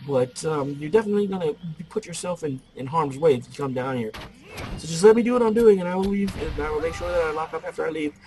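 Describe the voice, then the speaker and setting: A chatty, well-mannered male burglar, as a man puts him on, calmly warning the homeowner to stay upstairs. He talks in a raised, breezy voice and speeds through his lines, friendly and threatening at once. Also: on the high side, fast, background noise, pitched above the performer's own voice, lightly acted. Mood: breezy, polite. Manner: mock-menacing yet courteous patter.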